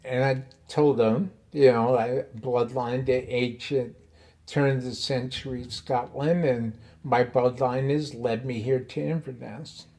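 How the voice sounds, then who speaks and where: A man hosting a podcast, telling a personal story in a casual, animated way and laughing often. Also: mid-range voice, measured pace. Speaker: podcast host.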